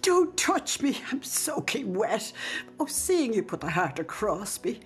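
A woman's voice: sits low, a little slow, faint music behind. An older woman with an Irish accent narrating and playing a devoted, outspoken old nanny in a radio drama. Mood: joyful, flustered. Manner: storytelling narration with lively, emphatic speech. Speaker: narrator and character.

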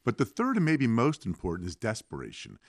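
A man's voice: on the low side, huge pitch swings, brisk, gravelly, no room sound, studio quality. A man being interviewed as a novelist, joking and self-mocking about the craft. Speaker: novelist guest. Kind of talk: casual interview.

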